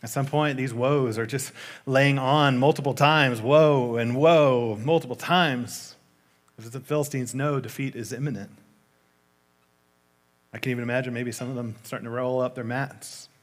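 A man preaching a sermon in a conversational way, retelling a story with lively asides. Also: medium pitch, moderate pace.

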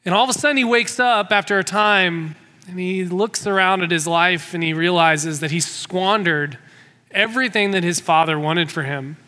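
Male preacher, high bright voice, storytelling sermon in a reverberant hall. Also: moderate pace. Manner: storytelling, repeats words when restarting.

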